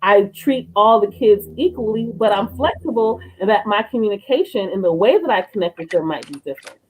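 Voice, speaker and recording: A middle-aged woman in casual podcast conversation, blunt and outspoken, swearing freely as she tells stories. Her pitch swings widely and lively. She sounds expressive and direct. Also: a little fast, a little hiss or hum, poor audio. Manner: blunt, animated storyteller who swears freely. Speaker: co-host, youth worker.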